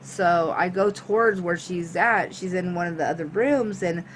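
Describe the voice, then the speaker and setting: A woman vlogger telling a storytime tale. She is animated and swears freely, acting out her own reactions as she goes. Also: fairly low pitch, normal speed, slight background noise. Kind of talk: storytime monologue.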